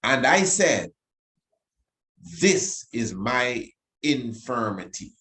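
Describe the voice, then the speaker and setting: A man teaching the Bible on the radio, emotional, repeating phrases and reading scripture slowly with emphasis. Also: mid-range voice, big pitch swings, fairly bright tone.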